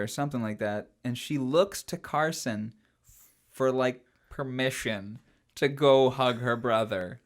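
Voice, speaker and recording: A man's voice: medium pitch, slow pace, pauses often. A man co-hosting a film podcast in casual chat, talkative and hesitant, often slipping into playful quoted voices. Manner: chatty, hesitant with fillers, breaks into playful voices. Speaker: podcast co-host. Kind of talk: casual chat about films.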